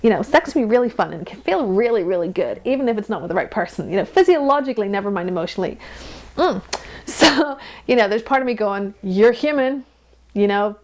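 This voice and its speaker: A woman's voice: medium pitch, lively intonation, fast talker. A woman in her thirties, an interview guest, talking frankly and animatedly and laughing often. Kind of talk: candid personal conversation.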